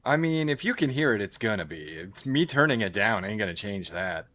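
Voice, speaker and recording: Animated man chatting on a live stream. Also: on the low side, a little fast, no room sound. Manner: animated, laughing, swears often. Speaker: podcast co-host. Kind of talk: casual hangout stream chat. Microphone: desk mic on a live stream.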